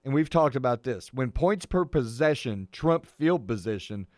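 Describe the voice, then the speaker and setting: A man's voice: medium pitch, animated, normal speed, a little mellow, no echo, studio quality. Emphatic sports radio host, a man. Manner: emphatic, repeats his points for effect; opinionated, argues his takes. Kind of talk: sports talk radio chat.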